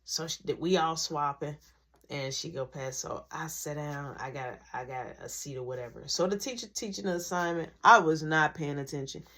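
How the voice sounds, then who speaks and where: A woman telling a school story in a slangy, animated storytime style, acting out the dialogue. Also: sits low, normal speed. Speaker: vlogger. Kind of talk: storytime narration.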